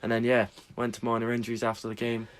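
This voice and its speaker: A man's voice: medium pitch, completely flat delivery, fast talker. A man, co-hosting a podcast and telling a story in casual, sweary chat. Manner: sweary, storytelling, laughs often. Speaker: podcast co-host.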